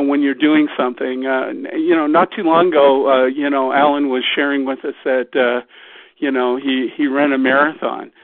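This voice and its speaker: A man's voice: mid-range voice, no room sound. A man from Canada speaking as guest speaker on a company phone call, rambling and folksy with many restarts. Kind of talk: motivational talk on a phone call. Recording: phone line, dry.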